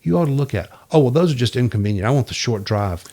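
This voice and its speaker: Talking fast in a medium-pitched voice, a man shares stories as a podcast guest in a casual interview. He brings them to life by acting out the dialogue of the people he quotes.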